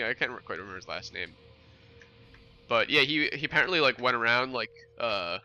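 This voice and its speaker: Bright-voiced chatty young streamer man. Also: medium pitch. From New York. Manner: chatty, rambling, answers chat viewers. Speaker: gaming streamer. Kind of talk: casual livestream chat while playing.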